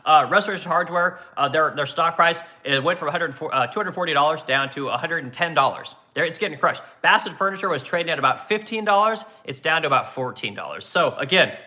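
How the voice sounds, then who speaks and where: A man from Oregon delivers a sarcastic, profanity-laden rant on his channel. His voice sits a little high and rings bright and forceful. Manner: exasperated, heavily profane, sarcastic. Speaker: channel host. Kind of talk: profane ranting commentary.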